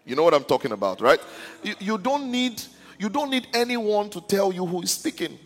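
Pastor, man, fairly high voice, sermon style, stammers and checks in with the crowd; echoing hall. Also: very animated, a little fast. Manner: repeats "are you listening" to the congregation; stammers and restarts words. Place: church.

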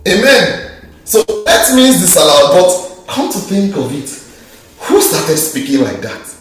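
High-voiced preacher in an echoey hall. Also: male voice, measured pace, slight background noise. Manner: lively, asks the crowd rhetorical questions, jokes in slang. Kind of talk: sermon. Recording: very echoey hall, mic far off.

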